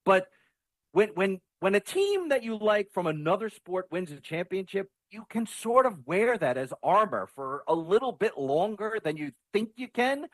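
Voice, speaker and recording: A man giving excitable, stumbling takes as a guest on a sports podcast. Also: sits high, moderate pace, no room sound. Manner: excitable, repeats words when starting. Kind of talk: casual sports talk.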